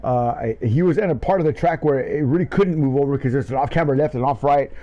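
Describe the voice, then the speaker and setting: A man commentating a sim race and interviewing drivers, shouting in excitement, then rambling. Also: medium pitch, fast, lo-fi sound.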